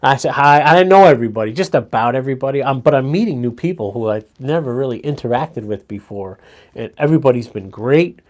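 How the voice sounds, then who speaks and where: A man's voice: medium pitch, fast talker. Middle-aged man telling stories casually. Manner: animated storytelling, swears freely, chuckles. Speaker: live streamer. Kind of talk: casual live-stream chat.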